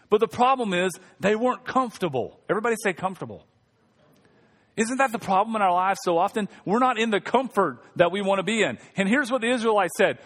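A man's voice: sits high, fairly bright tone, long reverb tail. A male pastor preaching a sermon in a conversational, humorous way, calling on the congregation to respond. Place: church sanctuary.

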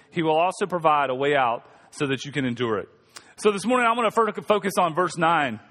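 High voiced pastor guy preaching, cracking jokes to the crowd, big echoey church. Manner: joking, animated preaching with audience asides. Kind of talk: sermon. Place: church sanctuary. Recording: long reverb of a church hall.

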